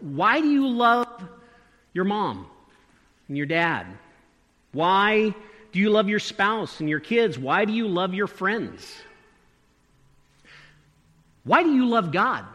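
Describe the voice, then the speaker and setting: Earnest, animated high-voiced preacher in a reverberant hall. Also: male voice, slow pace. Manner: earnest, repeats words and shifts emphasis. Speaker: pastor. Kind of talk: sermon. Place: church sanctuary.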